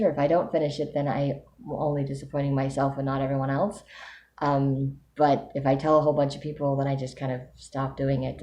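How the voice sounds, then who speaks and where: In a casual spoken video diary, a woman with a mellow, rumbling low voice gives her weekly update, speaking candidly and thinking aloud about herself.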